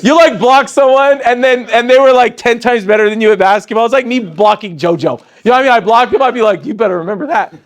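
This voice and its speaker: Excited high-voiced man giving a sales pep talk. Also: quick pace, few pauses. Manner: energetic, swings high and excited, quotes others in a low voice. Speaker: sales training speaker. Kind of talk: motivational training talk.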